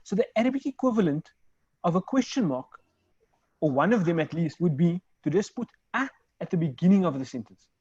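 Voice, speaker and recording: A male Arabic teacher leads an online class, patient and methodical, checking in with his students. His voice sits a little high for a man. The sound is dry and dull, like lo-fi call audio. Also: lively intonation, brisk, darkish tone, husky, no room sound. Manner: patient, explains step by step, checks understanding.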